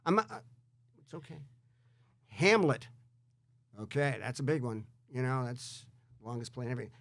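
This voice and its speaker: A male host in a conversational interview, speaking in an animated way and often repeating words as he gets going. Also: mid-range voice, normal speed, no room sound, clean studio sound. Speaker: show host.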